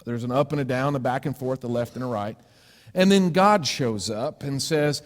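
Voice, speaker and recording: A male preacher giving a sermon, telling a story with lively acted-out voices for its characters. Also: medium pitch, normal speed, long reverb tail. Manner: animated storytelling, acting out voices for shapes. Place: church sanctuary.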